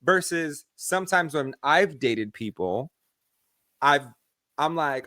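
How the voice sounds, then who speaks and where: Guy co-hosting a podcast, super animated, acts out everyone in his stories, dry mic. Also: a little high, a little slow, dry recording. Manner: animated storyteller acting out voices. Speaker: podcast co-host. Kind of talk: casual chat.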